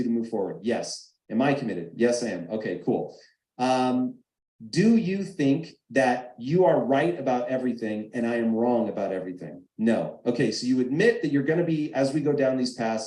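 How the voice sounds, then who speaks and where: A man's voice: a little high, warm tone. A man giving a live talk to an audience, acting out both sides of arguments in quoted voices. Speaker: guest speaker. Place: event stage. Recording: echoey large room.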